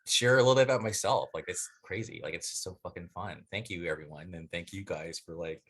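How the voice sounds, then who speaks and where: A man's voice: deep voice, quick pace, slightly rough. A man appearing as a guest on a podcast, chatting casually and chiming in with quips. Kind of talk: casual chat.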